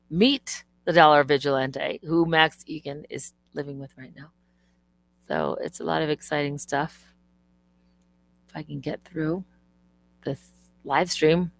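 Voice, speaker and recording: A woman's voice: deep voice, gravelly, dry recording. Dry-sounding ranting woman streamer. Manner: animated, indignant, swears freely. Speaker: live stream host. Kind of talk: casual live stream rant.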